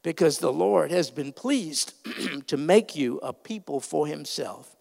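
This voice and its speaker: Male pastor, high raspy-edged voice, fervent preaching, long reverb of a sanctuary. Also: lively intonation, takes it slowly. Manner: earnest, emphatic preaching with sudden loud swells. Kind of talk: sermon. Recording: reverberant hall sound.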